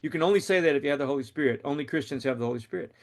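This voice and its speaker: Guy telling his faith story, kinda high voice, earnest and chatty. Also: racing. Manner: earnest, conversational, dramatic retelling. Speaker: storyteller and show host.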